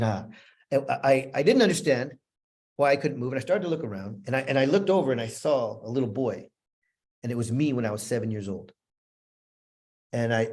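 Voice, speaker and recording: A man's voice: mid-range voice, darkish tone, breathy edge. A man speaking as a motivational speaker, telling a personal story to an audience in an earnest, repetitive, emotional way. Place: room with a live audience.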